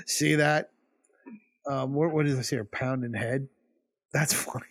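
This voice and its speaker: A woman hosting the show in a relaxed, casual way, laughing often and chiming in with short remarks. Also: extremely low pitch. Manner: laid-back, laughs and chimes in. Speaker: show host. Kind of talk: casual chat.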